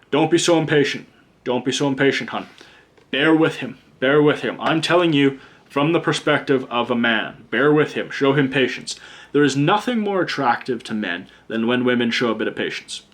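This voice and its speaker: A man's voice: medium pitch, fairly bright tone. A man giving a casual pick-a-card tarot reading, blunt and chatty, swearing freely and drifting into rants. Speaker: tarot reader and teacher.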